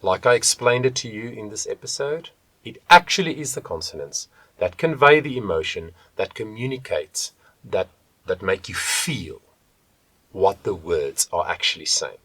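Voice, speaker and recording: A man teaching a voice lesson as a vocal coach, talking in a deliberate, emphatic way and stressing key words. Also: lowish voice, expressive, fairly bright tone, dry recording. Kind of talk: video voice lesson.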